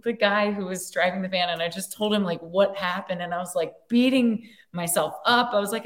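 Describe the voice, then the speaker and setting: A woman actor as a podcast guest, telling a story in an animated, giggly way with lots of filler words. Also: mid-range voice, a little fast, hardly any pauses. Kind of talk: casual storytelling chat.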